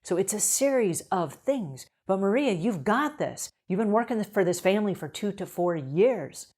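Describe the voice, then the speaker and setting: A woman's voice: mid-range voice, moderate pace, breathy edge. A middle-aged woman coaching house cleaners in an upbeat advice video, acting out quoted conversations with customers. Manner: upbeat, acts out quoted dialogue in lively voices. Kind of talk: advice video talking to camera.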